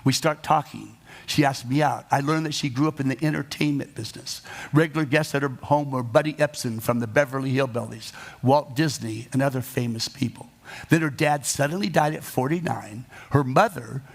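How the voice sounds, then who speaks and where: A man with a gravelly voice tells a story from his own life in a dramatic, confessional monologue. He pokes fun at himself along the way, at an ordinary pitch for a man. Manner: dramatic, confessional, self-mocking. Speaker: card magician telling his life story.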